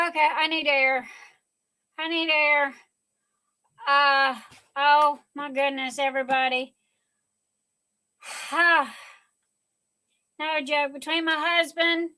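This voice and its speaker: A woman's voice: high-pitched, bright, forceful tone, rough recording. An older woman hosting a live stream, chatting casually and gushing emotionally. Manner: gushing, emotional, drawn-out speech.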